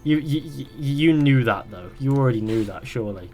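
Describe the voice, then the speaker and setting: A man's voice: mid-range voice, expressive, moderate pace, darkish tone, faint music behind. A young man streaming a game live, chatting casually and reading viewers' questions aloud before rambling through his answers. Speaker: gaming streamer.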